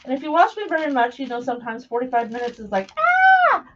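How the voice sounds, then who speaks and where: A woman's voice: on the high side, very fast. A middle-aged woman hosting a live craft stream, chatting casually and rambling as she works, greeting viewers by name, recorded through a camera mic as she moves around a table in a home craft room. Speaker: craft livestream host. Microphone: camera mic while moving around a table. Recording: dull lo-fi live stream audio.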